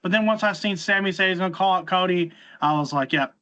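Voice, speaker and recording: Talking fast in a high, sharp voice, this man recaps wrestling shows on his casual podcast, retelling events in a rambling way with frequent restarts and repeated words. The lo-fi recording sounds slightly dull.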